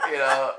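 A man animatedly telling a faith story, acting out dialogue and laughing often. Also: medium pitch. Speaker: guest telling a testimony. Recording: echoey room with faint ambience.

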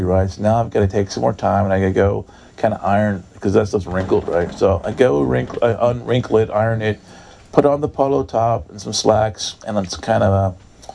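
A man preaching with a warm, gravelly voice, carrying a personal story. He slips into the voices of the other people in his tale with sudden pitch leaps and scatters "da, da, da" as filler. A faint ambient hum sits behind him. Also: normal speed. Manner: animated storyteller, acts out dialogue with big pitch jumps, fills with "da, da, da". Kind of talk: storytelling sermon.

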